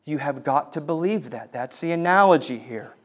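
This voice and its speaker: A man preaching a sermon, speaking in slow, emphatic phrases and repeating lines for weight. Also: a little high, expressive. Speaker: pastor.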